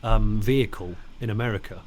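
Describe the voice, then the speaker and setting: A man's voice: lowish voice, fairly quick. A man co-hosting a podcast, chatting casually and enthusiastically, with frequent fillers and restarts. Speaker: podcast co-host. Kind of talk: casual chat.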